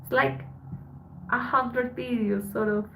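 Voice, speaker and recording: A tired woman from Colombia, a Spanish speaker, chatting softly with her live-stream viewers as she reads their messages aloud. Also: a little high, steady tone, takes it slowly, vocal fry, slight background noise, low-quality recording. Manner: soft, subdued, switching between English and Spanish. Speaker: live streamer reading chat. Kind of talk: casual live-stream chat.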